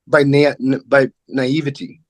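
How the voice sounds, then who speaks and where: A middle-aged man, a comedian guest, telling a personal story in a candid, animated way and acting out the voices of the people in it. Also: mid-range voice, unhurried, no echo. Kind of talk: casual interview storytelling.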